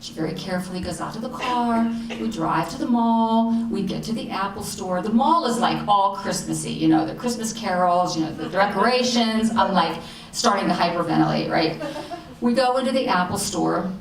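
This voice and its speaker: A middle-aged woman telling a personal story at a live show, animated and self-mocking, acting out the people in it. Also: mid-range voice, normal speed, a little hiss or hum. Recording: roomy hall sound, distant mic, faint ambience.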